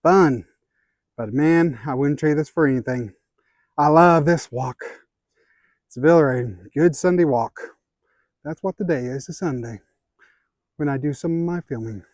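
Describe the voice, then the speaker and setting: A man's voice: on the high side, measured pace, pauses often, a little mellow, no echo. Male hiking vlogger, Ozark accent, casual and breathless, dry close sound. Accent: Ozark Southern American. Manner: chatty, easygoing, talks to viewers while walking. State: out of breath from climbing. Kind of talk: casual walking vlog. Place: outdoors on a wooded trail. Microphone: handheld camera.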